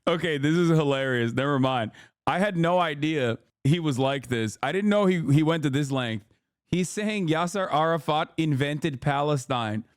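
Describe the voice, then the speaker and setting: Casting note: male reaction streamer, sarcastic and blunt, smooth clear voice, dry close sound. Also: a little high, animated, normal speed, dry recording. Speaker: streamer host. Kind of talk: reaction commentary.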